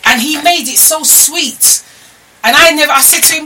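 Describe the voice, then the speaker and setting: A woman's voice: high-pitched, a little fast, sharp tone. Chatty woman live streaming. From London. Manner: chatty storyteller with exclamations and laughs. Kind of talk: casual live stream chat. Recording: slightly distant mic with noise.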